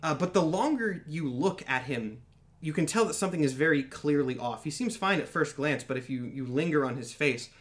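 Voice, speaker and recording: A man's voice: fairly high pitch, expressive, fairly quick. A man narrating as dungeon master in loose, hedging speech, often breaking into laughter. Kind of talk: narrating a tabletop game.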